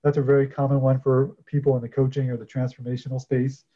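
A man, a coach guesting on a podcast, explaining his ideas in a measured way with some fillers. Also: medium pitch, little pitch movement, mellow, lo-fi sound. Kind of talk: casual podcast interview.

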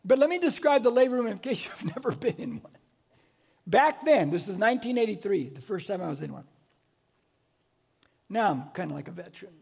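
A man in his sixties with a very high voice preaches to his church. He tells stories with a lot of life and acts out the people in them. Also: a little fast, creaky, long pauses, breathy edge. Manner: animated storytelling, acts out voices. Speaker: pastor. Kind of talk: sermon. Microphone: wearing a mic.

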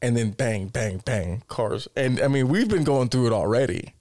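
A man's voice: mid-range voice, normal speed, darkish tone, no room sound, studio quality. A man co-hosting a casual podcast chat, telling rambling, profane stories and laughing often. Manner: laughing storyteller, swears a lot. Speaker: podcast co-host.

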